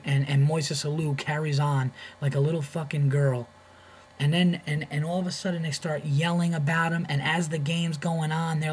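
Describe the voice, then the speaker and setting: A man's voice: a little high, darkish tone, slight background noise. Profane, heated male podcast ranter. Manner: profane, heated, repeats words when worked up. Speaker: podcast host. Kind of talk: comedic podcast rant.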